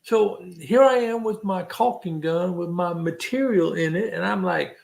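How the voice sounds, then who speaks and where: A man's voice: high voice, unhurried, gravelly, hardly any pauses, darkish tone. A man hosting a casual livestream, telling a rambling, jokey story and mimicking clicking sounds along the way. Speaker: livestream host.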